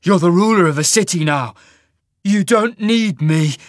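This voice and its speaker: A man voicing a grim young man with a raspy voice, in an audiobook. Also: high-pitched, measured pace, no echo, studio quality, pitched above the performer's own voice. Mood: cold.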